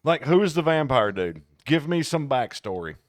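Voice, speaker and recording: A man's voice: fairly high pitch, very animated, moderate pace, dry recording, studio quality. A man co-hosting a podcast, chatting casually and rambling through stories. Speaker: podcast co-host. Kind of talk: casual chat.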